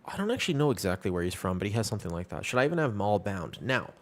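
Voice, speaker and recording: Very animated and very fast, the young streamer talks in a lowish voice as he plays. His chat with viewers is casual and rambling, with an upbeat, reassuring feel.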